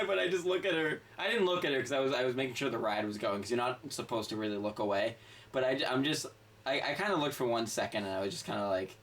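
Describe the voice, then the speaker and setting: A man's voice: mid-range voice, expressive, fairly quick, a bit bright. A man telling a long anecdote in casual chat, rambling and profane, often cutting himself off mid-sentence. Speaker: game podcast co-host. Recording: distant mic with faint background noise.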